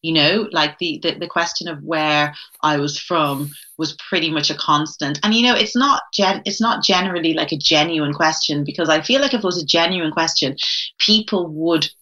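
A woman's voice: deep voice, normal speed, bright, forceful tone, highs cut off. A woman with a Dublin accent, a writer and academic, talking reflectively as a guest in a casual interview, with many fillers and restarts. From Ireland.

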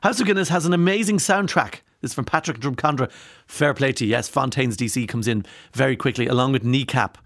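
A man's voice: medium pitch, a little fast, fairly bright tone, no echo, clean studio sound. A man hosting a radio show, chatting wryly and at length and often letting his voice fall away. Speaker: radio host.

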